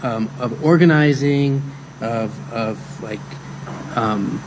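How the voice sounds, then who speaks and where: A man giving closing thanks on a film panel, halting and thoughtful with many pauses and restarts. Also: mid-range voice. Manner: hesitant, lots of ums and restarts. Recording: noisy room with clear background noise.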